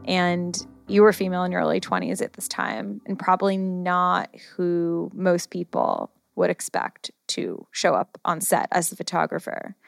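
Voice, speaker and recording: An American woman hosts a casual interview, with a gravelly vocal fry running through her talk. She is chatty and effusive, and the recording is dry and close. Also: fairly low pitch, very animated, moderate pace, hardly any pauses, no echo. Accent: American English. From United States. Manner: chatty, effusive, personal anecdotes. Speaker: interview host.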